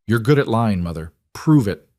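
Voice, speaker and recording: A man voicing a cold, controlled young man who gives orders in an even, commanding tone. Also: lowish voice, moderate pace, no echo, studio quality, lightly acted.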